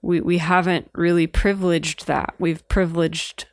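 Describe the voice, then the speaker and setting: A woman's voice: on the low side, little pitch movement, moderate pace, no room sound, clean studio sound. A woman co-hosting an education podcast, thinking aloud in a casual, reflective conversation. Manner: thoughtful, wondering aloud. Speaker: podcast co-host.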